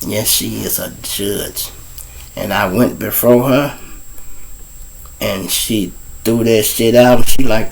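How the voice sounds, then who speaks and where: His voice is on the low side, with a steady tone and vocal fry, and he speaks slowly, pausing often. The recording is rough. This Chicago man, with a Chicago accent, hosts his show and tells casual, raw, profane street stories right to his listeners.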